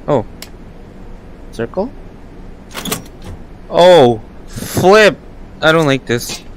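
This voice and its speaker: Young man, gaming commentary, jumpy and giggly, swears, slow and drawn out, slightly high, faint hiss. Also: bright, forceful tone. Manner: jittery, laughs nervously, swears. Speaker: gaming YouTuber. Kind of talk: casual gameplay commentary.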